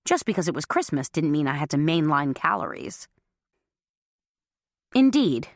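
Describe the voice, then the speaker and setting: A woman's voice: deep voice, dry recording, studio quality. A woman reading a first-person audiobook, with a wry, self-mocking manner. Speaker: audiobook narrator.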